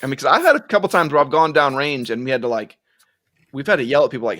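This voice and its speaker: A man co-hosting a casual panel podcast, telling stories in an animated way. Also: mid-range voice, quick pace. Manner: animated storyteller. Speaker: podcast co-host.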